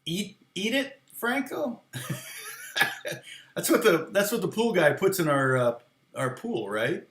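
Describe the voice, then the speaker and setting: A man's voice: sits high, big pitch swings, takes it slowly, fairly bright tone. Chatty American man teaching guitar. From United States. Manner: rambling, chatty, answers viewer comments. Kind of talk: casual livestream guitar lesson. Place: home studio. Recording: echoey room with guitar playing.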